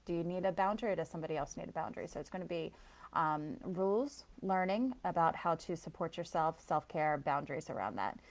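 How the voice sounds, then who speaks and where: A woman's voice: lowish voice, lively intonation, fast talker. Chatty, effusive woman giving a live reading. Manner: chatty and effusive, often laughing and gushing; addresses viewers by name. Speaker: spiritual reader and soul coach. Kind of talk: live intuitive card reading for viewers.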